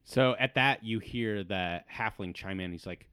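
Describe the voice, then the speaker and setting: A man acting as game master, narrating a tabletop game in a relaxed, descriptive way. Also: fairly low pitch, a little slow, clean tone, no echo. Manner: descriptive, relaxed, occasional fillers.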